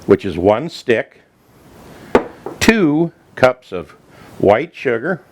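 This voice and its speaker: A man's voice: mid-range voice, sing-song, drawn-out words, noisy background. A man from Minnesota hosting a home cooking show, chatting in a homespun way while he explains each step in his kitchen. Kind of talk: folksy cooking demonstration.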